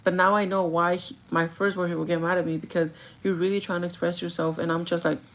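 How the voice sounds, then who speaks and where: A young woman livestreams a casual get-ready-with-me chat, confiding in viewers, dropping "like" constantly and mixing in some Spanish words. Her voice is lowish and flat, her pace quick, and the recording rough.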